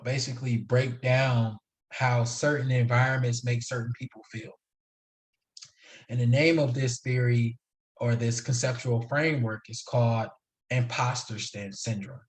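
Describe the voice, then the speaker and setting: A young man hosting a solo podcast, talking casually in a slangy, emphatic, preachy way. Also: medium pitch. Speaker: podcast host.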